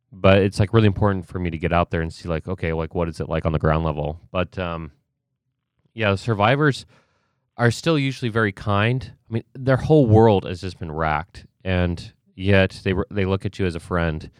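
A man's voice: low voice, normal speed, no room sound, clean studio sound. A man who works in emergency management, speaking reflectively in a casual interview, with many fillers.

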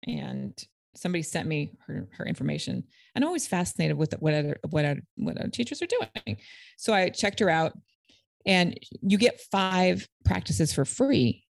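A middle-aged woman co-hosting a podcast, telling stories in a lively, chatty way and laughing often. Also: on the low side, moderate pace, vocal fry, dry recording, studio quality. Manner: animated storyteller, laughs often. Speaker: podcast co-host. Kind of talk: casual chat.

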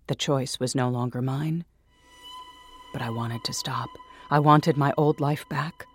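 A man's voice: medium pitch, creaky, a little mellow, breathy edge. A man reading a first-person story aloud in a dramatic, intense way, sometimes dropping to a whisper. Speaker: narrator. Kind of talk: first-person audiobook narration.

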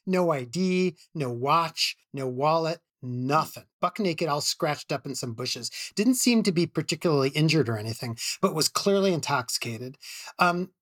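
A man's voice: fairly high pitch, expressive, moderate pace, fairly bright tone, no echo, clean studio sound. A middle-aged man, an emergency physician, telling a story casually with many restarts and laughs.

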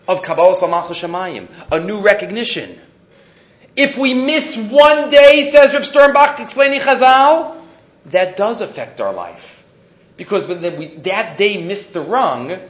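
Animated man teaching, high lively voice. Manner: animated storyteller, mixes Hebrew quotes into English. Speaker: rabbi teaching a Torah class. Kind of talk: weekly Torah portion lecture. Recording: roomy, dull lo-fi recording.

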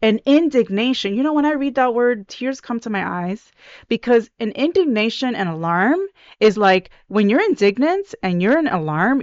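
A woman hosts a devotional podcast in an earnest, chatty way, often restarting her sentences. Her voice is smooth and clear. The recording is dry and a little dull. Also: on the high side, animated, moderate pace, darkish tone, dry recording. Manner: earnest, conversational, with many restarts. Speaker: podcast host.

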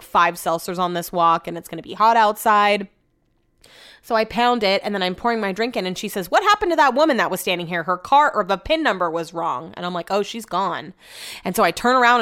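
A woman's voice: fairly low pitch, a bit bright. A young woman telling a trip story in a casual, slangy way, swearing freely and quoting people as she goes.

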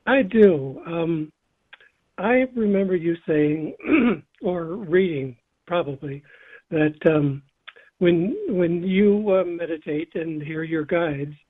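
A man calling into a radio show, speaking hesitantly with many pauses and small laughs. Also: fairly high pitch. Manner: hesitant, many ums, chuckles. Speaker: caller. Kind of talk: call-in radio talk. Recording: tinny phone line.

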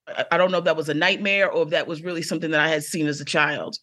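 A woman's voice: deep voice, steady tone, very fast, a bit bright. A woman comedian telling a story with theatrical flair, acting out the people she quotes. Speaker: guest comedian. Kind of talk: storytelling in casual chat.

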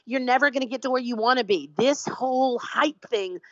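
A woman's voice: a little high, fairly quick, fairly bright tone, dry recording. A brash woman artist talks in a loose interview, swearing freely and hammering her points home. Her voice has a dull, lo-fi quality in a dry, close space. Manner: profane, brash, emphatic. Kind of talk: casual conversational interview.

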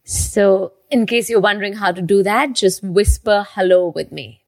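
A woman teaching breathwork, guiding a breathing exercise with calm, slow instructions and counted breaths. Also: mid-range voice, no echo.

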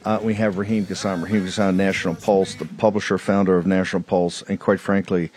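A man hosting a live broadcast show, talking quickly, cutting in and stumbling over restarts as he steers toward a break. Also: sits low, level tone, a little mellow. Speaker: talk show host.

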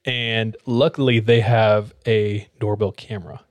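A man's voice: on the low side, unhurried, dry recording. A man, a podcast co-host, casually telling a story and acting out the lines of the people in it. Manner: animated, acts out quoted dialogue.

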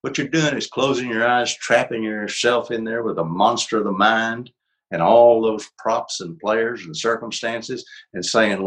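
Low-voiced older man, gently reflective. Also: measured pace, low-quality recording. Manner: gentle, reflective, laughs easily. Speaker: author and psychologist, guest. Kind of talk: conversational interview.

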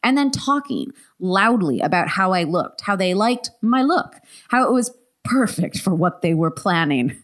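A woman podcast co-host reading a listener's story aloud, animated and laughing often. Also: medium pitch, a little slow.

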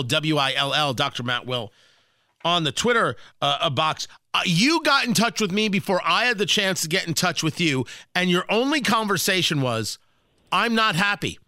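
A man's voice: high-pitched, pushed and bright, no room sound, clean studio sound. A man hosting a talk radio show, interviewing a guest with probing questions and wry asides.

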